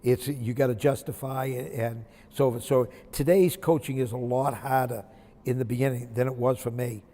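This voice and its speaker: Older coach telling stories in a hall. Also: male voice, mid-range voice, fairly even intonation, moderate pace, mellow. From Maine, USA. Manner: anecdotal, folksy, reflective. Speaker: retired basketball coach. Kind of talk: interview storytelling.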